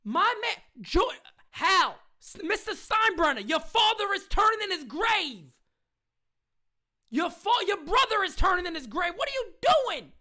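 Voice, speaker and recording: Fiery high-pitched woman ranting. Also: big pitch swings, unhurried. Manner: fiery, profane, repeats lines for emphasis, often shouting. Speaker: host of a fan live stream. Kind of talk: heated live-stream rant.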